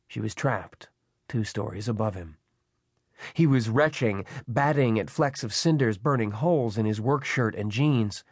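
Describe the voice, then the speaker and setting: Recorded dry on a close studio mic with no room sound, this scripted audiobook narration has a mid-pitched male voice. He reads a thriller with tense drama and keeps a steady, gripping momentum through the action.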